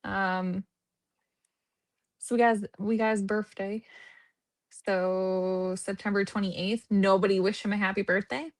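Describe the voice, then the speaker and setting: A woman's voice: mid-range voice, flat delivery, unhurried, pauses often. A woman hosting a true crime livestream, chatting casually with sarcastic jokes.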